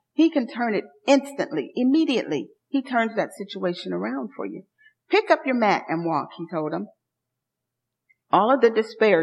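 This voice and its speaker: A fairly high-voiced woman preaches a sermon, pressing her points through repetition and calling out to the people in front of her. Her voice rings out with a long reverb through a church, captured on a dull, lo-fi recording. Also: darkish tone, husky. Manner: emphatic, repetitive, calls to the congregation.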